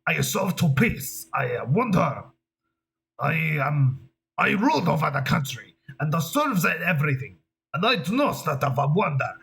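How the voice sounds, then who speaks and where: A man's voice: a little high, sing-song, moderate pace, creaky, a bit bright, breathy edge, exaggerated voice. A man putting on the voice of a pompous old male dictator, speaking in mock-foreign gibberish and declaiming grandly.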